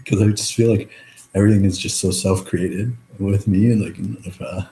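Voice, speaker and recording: Deep-voiced young man, rambling and roomy. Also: fairly even intonation, moderate pace, warm tone. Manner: rambling, filler-heavy, swears freely. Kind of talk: reflective personal monologue. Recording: echoey room.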